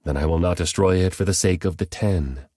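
A man reading as a calm, merciful god. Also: low voice, brisk, dry recording, clean studio sound. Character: calm, merciful male deity.

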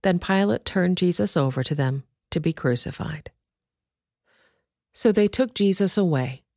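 A woman narrating a scripture passage in a steady, measured reading. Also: on the low side, dry recording, studio quality. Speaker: scripture reader.

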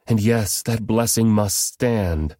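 A man reading the part of an old blind father giving a solemn blessing, measured and grave. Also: on the low side, warm tone, dry recording, studio quality, pitched above the performer's own voice.

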